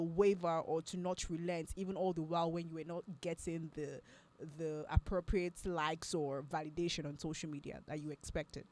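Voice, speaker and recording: Soft-spoken woman podcast host. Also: on the low side. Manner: gentle questions, frequent soft "mm" backchannels. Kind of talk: casual interview chat.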